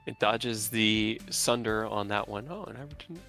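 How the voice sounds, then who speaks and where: A man narrating as dungeon master of a tabletop game, describing combat in lively detail. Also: fairly low pitch, unhurried, gravelly, soft background music.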